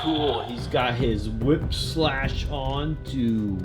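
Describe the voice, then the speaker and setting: Playful, slow-talking toy vlogger man. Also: mid-range voice, over music. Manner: playful, laughing, jokey. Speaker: toy reviewer. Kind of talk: toy unboxing vlog.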